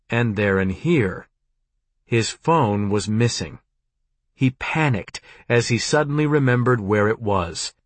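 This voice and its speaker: A man reading a nonfiction audiobook in a measured, deliberate narration. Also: medium pitch, dry recording.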